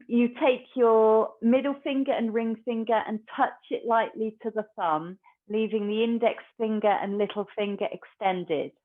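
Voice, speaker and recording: A woman, a yoga teacher guiding a class in a calm, gentle, unhurried way. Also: medium pitch. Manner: calm, slow, gentle guidance. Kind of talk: guided yoga instruction. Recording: tinny phone-like recording.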